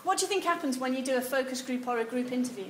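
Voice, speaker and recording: A woman giving a university lecture, animated and acting out example replies. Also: sits high, very fast. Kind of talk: lecture on research methods. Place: lecture hall. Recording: echoey lecture room with some background noise.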